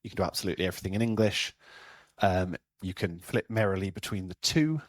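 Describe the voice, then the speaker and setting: Man, north welsh accent, low voice, dry close sound, wry presentation talk. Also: animated, fast, no room sound. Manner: dry, self-mocking humour with frequent ums. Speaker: place-name researcher giving a talk.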